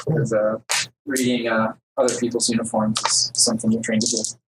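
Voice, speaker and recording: A man running a tabletop role-playing game as game master, talking with many fillers and pauses. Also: mid-range voice, flat delivery, distant mic. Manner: hesitant, lots of fillers. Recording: noisy home recording.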